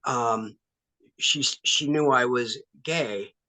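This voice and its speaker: A male actor as interview guest, talking candidly and pausing often with ums. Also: mid-range voice, pushed and bright, no echo, rough recording. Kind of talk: casual interview.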